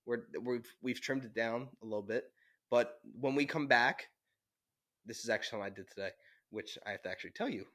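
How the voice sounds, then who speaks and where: A young man co-hosting a podcast, telling animated stories with laughter on a handheld mic. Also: mid-range voice, quick pace. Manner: animated storytelling with frequent laughs. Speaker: podcast co-host. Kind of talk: casual chat. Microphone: handheld mic, sometimes held away.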